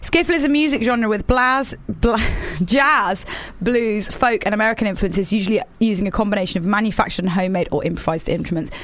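A woman's voice: medium pitch, brisk, few pauses, fairly bright tone. A woman hosting a radio show, chatty and teasing in casual banter, laughing often.

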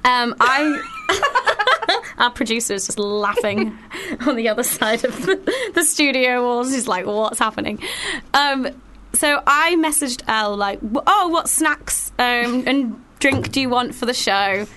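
A woman's voice: on the high side, lively intonation, measured pace, pushed and bright. A woman hosting a radio show in a studio, chatting casually and laughing often.

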